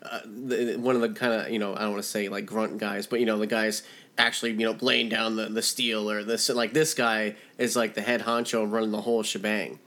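A man hosting a casual conversation, relaxed and talking loosely with lots of fillers. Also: fairly low pitch, brisk. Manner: relaxed listener, laughs along, loose filler-heavy speech.

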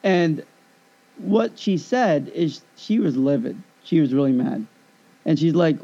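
A man in his fifties in casual chat, telling an animated story and acting out both sides of a conversation. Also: fairly high pitch, slow pace. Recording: dull lo-fi recording.

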